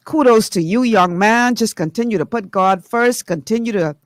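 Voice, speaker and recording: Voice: medium pitch, moderate pace, no room sound, studio quality. A speaker from the Bahamas, giving earnest, reflective open-line commentary on talk radio. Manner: earnest and reflective, praising warmly.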